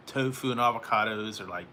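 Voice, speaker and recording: A Californian live-stream host with a fairly low, pushed, bright voice chats loosely with his viewers while reading the chat. He rambles and chuckles between remarks, and slight background noise is present.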